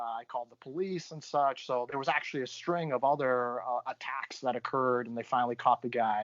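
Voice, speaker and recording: A man's voice: medium pitch, fairly bright tone, no room sound. A young adult man on a podcast, casually telling a rambling story and tagging his lines with "right?". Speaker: podcast co-host. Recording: dull lo-fi sound.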